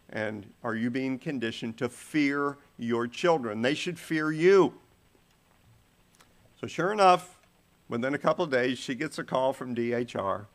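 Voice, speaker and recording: A man's voice: mid-range voice, fairly bright tone. Man preaching a storytelling sermon. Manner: storytelling with shifts in volume and pace.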